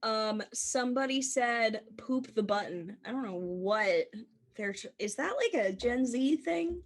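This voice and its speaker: A woman's voice: a little high, animated, measured pace. A young woman co-hosting a podcast in casual chat, giggly and playful, sometimes trailing into mumbles. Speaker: podcast co-host.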